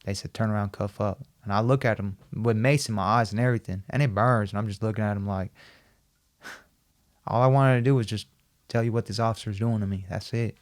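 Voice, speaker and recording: A man with a somewhat low voice speaks as a guest on a podcast interview. He tells a personal story in an animated way, often repeating himself and acting out the lines of other people. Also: a little fast. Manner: animated, acts out quoted dialogue, repeats himself.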